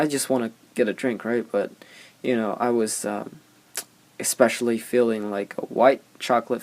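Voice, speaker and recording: Young man rambling with a gravelly voice. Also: lowish voice. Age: young adult. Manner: rambling, anecdotal, heavy on fillers. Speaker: podcast host. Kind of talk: casual storytelling podcast.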